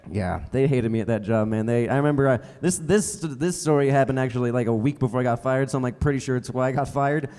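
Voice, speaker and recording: A young adult man does a stand-up set on a theater stage before a live audience, talking fast with hardly any pauses. His medium-pitched, warm voice fills a big room as he rambles, mocks himself, and leans on lots of fillers.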